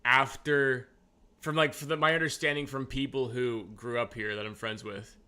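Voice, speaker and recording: Young male streamer, casual and rambling, lots of fillers, bright tone. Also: mid-range voice, steady tone, moderate pace. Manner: rambling, filler-heavy explaining.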